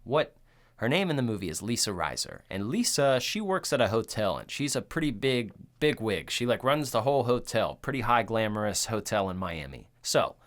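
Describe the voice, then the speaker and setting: A man hosting a horror movie podcast, telling the story in a rambling, profane, animated way. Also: on the low side, moderate pace. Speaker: podcast host. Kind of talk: casual movie recap chat.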